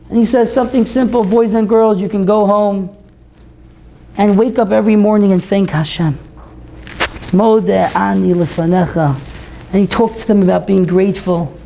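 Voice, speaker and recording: A man who is a rabbi and teacher, giving an impassioned sermon at an event that builds to near-shouts. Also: a little high, vocal fry, slight background noise. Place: event hall.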